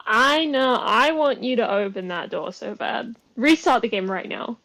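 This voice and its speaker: A woman friend keeps up a teasing running commentary on the game, laughing often. Her voice sits a little high and sounds close and dry. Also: animated, measured pace, vocal fry, fairly bright tone, dry recording, poor audio. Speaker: co-player friend. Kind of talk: casual chat.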